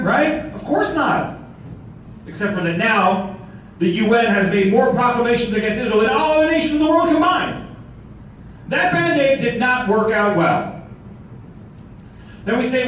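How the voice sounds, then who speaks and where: A high-voiced man delivers a sermon, mixing light stories with rhetorical questions. He is recorded from a distance in a very echoey hall, with faint noise behind him. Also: expressive, normal speed, pauses often, a bit bright. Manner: storytelling with humor and rhetorical questions. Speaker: rabbi.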